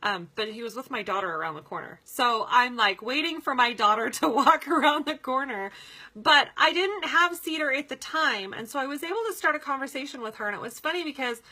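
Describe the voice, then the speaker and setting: A chatty, upbeat woman coaching her sales team in a relaxed way. Her voice sits a little high and sounds bright and tense. She laughs often and talks with plenty of fillers. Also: a little fast. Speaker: pet products sales team leader giving a training talk. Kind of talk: casual coaching talk.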